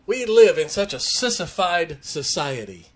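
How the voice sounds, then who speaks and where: A man's voice: fairly high pitch, very animated, measured pace, a bit bright. An older man preaching a sermon, telling folksy stories and laughing as he goes. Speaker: pastor.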